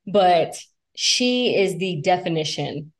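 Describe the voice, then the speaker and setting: Blunt, animated young woman podcast host. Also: lowish voice, slow pace. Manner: blunt, animated, swears freely. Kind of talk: casual recap chat.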